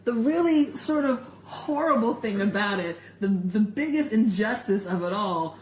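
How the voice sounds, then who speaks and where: A woman on a casual podcast chat, telling a story in an animated way, often laughing. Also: mid-range voice, normal speed. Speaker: podcast co-host. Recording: echoey room, faint background noise.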